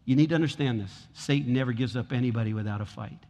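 A man's voice: mid-range voice, quick pace, warm tone. A man pastor preaching a sermon in a church, repeating lines and building in force. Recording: long hall reverb.

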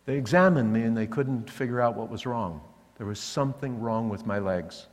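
A man's voice: mid-range voice, normal speed. A man preaching a sermon, telling stories and acting out the voices he heard. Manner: animated storytelling, acting out voices. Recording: long hall reverb.

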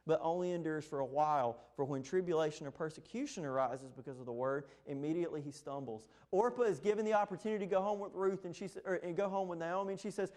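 A man's voice: high-pitched, quick pace, few pauses, darkish tone. A man, preaching a sermon in an impassioned, emphatic way. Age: 20s. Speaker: pastor.

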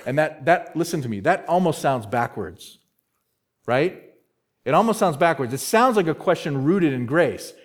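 Lively, emphatic male preacher. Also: on the high side, normal speed. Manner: emphatic, repeats key words, rhetorical questions. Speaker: pastor. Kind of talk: expository sermon.

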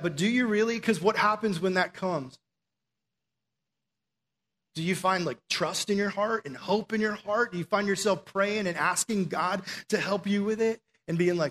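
A young man preaching a sermon in an animated, emphatic, conversational way. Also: high-pitched, moderate pace.

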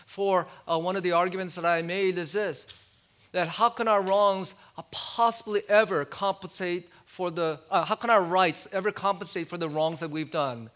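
A man preaching a sermon in a conversational way, asking his listeners questions and dropping low and quiet on key words. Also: normal speed. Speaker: pastor.

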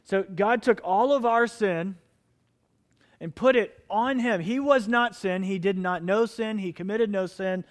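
A man's voice: high-pitched, unhurried. A middle-aged man preaching a sermon as pastor, impassioned and pleading with his listeners.

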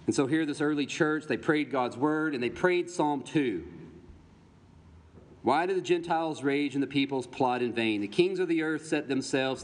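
A man preaching a sermon to his congregation, putting rhetorical questions to them as he teaches from the Bible. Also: medium pitch. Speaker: pastor. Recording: long reverb, faint background noise.

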